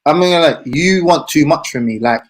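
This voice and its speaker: A man's voice: a little high, moderate pace. A man in heated casual banter, protesting and repeating himself.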